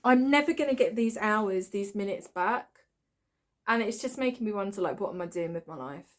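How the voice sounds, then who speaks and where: A woman's voice: medium pitch, animated, moderate pace, music in the background. A woman hosting a reaction video, mocking a film with sarcastic, exasperated commentary and frequent swearing.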